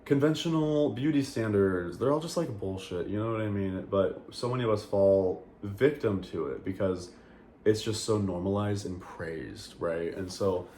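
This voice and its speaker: A man's voice: fairly low pitch, normal speed, warm tone. Candid young man rambling in an echoey room. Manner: rambling and candid, lots of fillers and swearing. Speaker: vlogger. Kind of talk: casual chat to camera. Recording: echoey room with faint noise.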